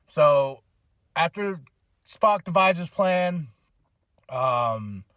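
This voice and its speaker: A man's voice: on the high side, expressive, extremely slow, a bit bright, dry recording, clean studio sound. A man hosting a podcast, casually retelling a film plot in a slangy, rambling way full of fillers. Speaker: podcast host. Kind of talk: casual movie review recap.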